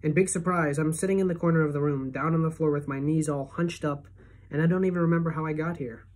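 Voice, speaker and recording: A woman teacher reading a novel aloud to her class as a first-person narrator, steady and expressive. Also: low-pitched, fast talker.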